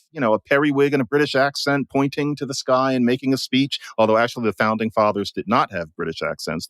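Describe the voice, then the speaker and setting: A man talking in an animated, emphatic way as a regular guest commentator, explaining his ideas in a conversation. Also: mid-range voice, no echo. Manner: animated, emphatic, plays with sounds and voices.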